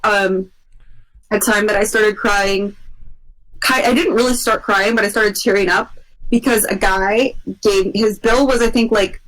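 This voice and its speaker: A woman's voice: medium pitch, fairly bright tone, poor audio. A woman co-hosting a podcast, telling a long work story in casual chat, rambling with lots of fillers and restarts.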